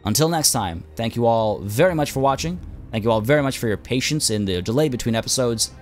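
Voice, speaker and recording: A man's voice: mid-range voice, expressive, fast, faint music behind. A man hosting a game let's play, losing his voice as he thinks aloud with plenty of uhs and ums. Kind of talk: gameplay commentary.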